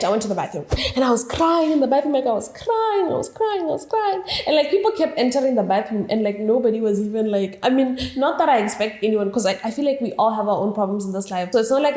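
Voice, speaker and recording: A woman's voice: a little high, a little mellow. A young woman vlogger telling a story in a chatty, light-hearted way, peppered with "like.". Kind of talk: casual storytime monologue. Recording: echoey room.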